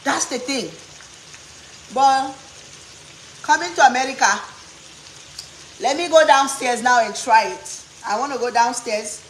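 Woman cooking vlogger, animated funny storyteller, highish voice, roomy kitchen echo, faint sizzling. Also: a little hiss or hum. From Africa. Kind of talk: storytelling chat while cooking. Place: home kitchen.

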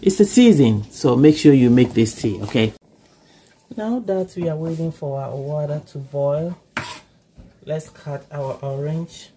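A woman's voice: low voice, animated, unhurried, dark tone, a little hiss or hum. A woman, who has a cold, hosting a chatty, reassuring cooking tutorial in her home kitchen. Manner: chatty, reassuring, repeats okay. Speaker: cooking channel host.

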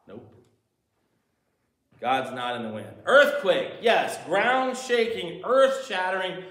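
A man delivers a sermon in a slightly raised voice, swinging from loud, emphatic lines to quiet, low asides. The room around him is echoey. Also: sing-song, measured pace. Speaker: pastor.

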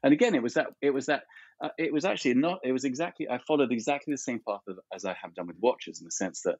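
A man chatting as a podcast guest, animated, laughing often and trailing off into restarts. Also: mid-range voice, fast talker, slightly rough, dry recording, muffled recording. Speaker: podcast guest, artist and photographer. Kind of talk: casual chat.

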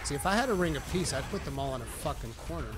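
A man giving live gameplay commentary, with brash, profane trash talk at his teammates and sudden excited shouting. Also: a little high, racing. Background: game music.

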